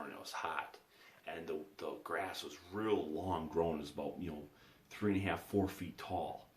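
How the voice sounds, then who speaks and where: A man's voice: low voice, husky. A man telling rambling personal stories in a casual vlog, repeating himself and restarting often. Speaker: vlogger. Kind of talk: casual storytelling. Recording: echoey room.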